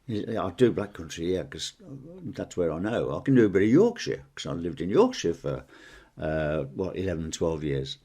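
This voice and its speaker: Chatty man, lively low voice. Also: normal speed, hardly any pauses, breathy edge. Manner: rambling, chatty, fond of accents. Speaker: podcast co-host. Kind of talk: casual chat.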